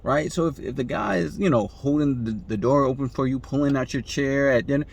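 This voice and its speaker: With a creaky voice and a slightly fast pace, a man offers relationship advice in a casual monologue. He asks "right?" a lot and acts out the people he quotes through sudden jumps in pitch.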